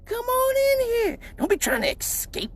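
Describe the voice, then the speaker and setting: A man voicing a small, fierce mother who scolds with shrill, mocking shouts. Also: very animated, normal speed, full character voice. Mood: mocking scolding.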